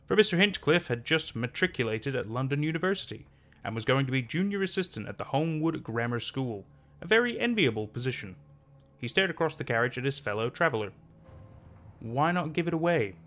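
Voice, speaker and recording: A man narrating a classic short story in a measured storytelling manner. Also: medium pitch, sing-song, sharp tone. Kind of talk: scripted narration.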